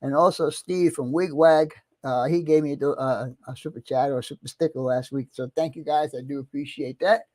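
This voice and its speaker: A middle-aged American man hosting a casual livestream, chatty and easygoing, greeting viewers one by one and clearing his throat often. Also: on the high side, fairly even intonation, normal speed, a little mellow. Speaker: livestream host.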